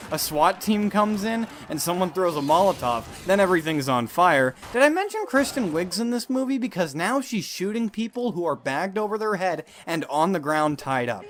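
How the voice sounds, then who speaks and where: A man's voice: high-pitched, animated, moderate pace, hardly any pauses. Sarcastic, profane man ranting a film review.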